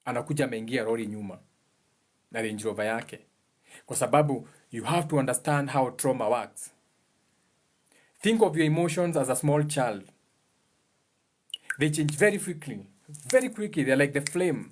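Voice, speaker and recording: A man with a Kenyan accent speaks in a casual, motivational way. His voice sits at an ordinary male pitch. He explains earnestly and hammers home his points by repeating them. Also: normal speed, pauses often. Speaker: speaker giving advice on emotions.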